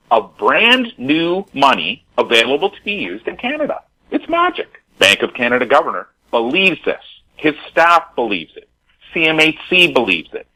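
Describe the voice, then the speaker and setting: A man's voice: fairly high pitch, pushed and bright, breathy edge, low-quality recording. A man giving an emphatic, repetitive commentary in a radio talk interview, often calling his listeners "folks.". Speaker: housing market commentator.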